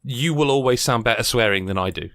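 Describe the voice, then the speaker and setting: A man hosting a podcast in casual, animated chat, often laughing and cutting in. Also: medium pitch, fast talker, no room sound, studio quality. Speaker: podcast host.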